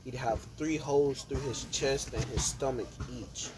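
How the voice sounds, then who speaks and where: A man's voice: medium pitch, unhurried, a crowd in the background. A young man casually making up a fan-fiction story as he goes, with fillers and restarts. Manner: meandering, with fillers and self-corrections. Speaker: storyteller narrating a fan scenario.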